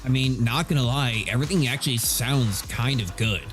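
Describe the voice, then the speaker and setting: A man's voice: medium pitch, moderate pace, a bit bright, soft background music. A man streaming a game, chatting casually and rambling as he tests his settings, his voice slightly nasal on a streaming mic. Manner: rambling and self-correcting, chatty. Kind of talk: casual live-stream chat while gaming. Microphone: streaming microphone. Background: game audio.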